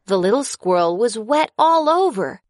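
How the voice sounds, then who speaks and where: Brief: woman narrator, somewhat high, very lively pitch, children's story, dry sound. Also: normal speed, dry recording. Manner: expressive, storytelling with sound effects.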